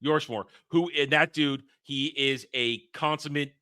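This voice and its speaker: Bright-voiced opinionated man reviewing films. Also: on the high side, a little slow, clear, resonant tone, dry recording, studio quality. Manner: opinionated, animated, emphatic rants. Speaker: podcast host reviewing a film. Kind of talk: casual film review chat.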